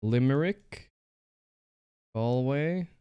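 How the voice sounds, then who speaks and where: Man, streamer, animated swings in pitch, smooth clear voice, thinks out loud, excitable. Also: extremely slow, muffled recording. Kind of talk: casual live-stream commentary while playing.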